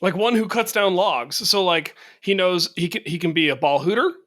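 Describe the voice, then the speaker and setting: Man, podcast co-host, higher voice, playful rambling. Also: normal speed, a bit bright. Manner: rambling, playful storytelling with laughs. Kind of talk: casual podcast chat.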